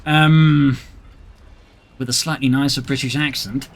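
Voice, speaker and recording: A man casting a strategy video game, giving brisk, excitable and wry play-by-play commentary. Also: medium pitch. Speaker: game caster. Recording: commentary over loud game battle sound. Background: gunfire and artillery.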